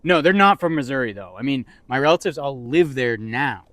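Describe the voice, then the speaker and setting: A man's voice: mid-range voice, lively intonation, fairly quick, fairly bright tone, no echo. A man co-hosting a casual podcast, rambling and joking with mock-dramatic outbursts. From Massachusetts. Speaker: podcast co-host. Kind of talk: casual chat.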